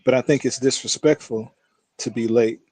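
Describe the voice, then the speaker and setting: A man's voice: mid-range voice, moderate pace, no room sound. Guy judge telling court stories, acts out the voices, dry close sound. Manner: lively storyteller who acts out voices. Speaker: judge, guest. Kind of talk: storytelling in a casual interview.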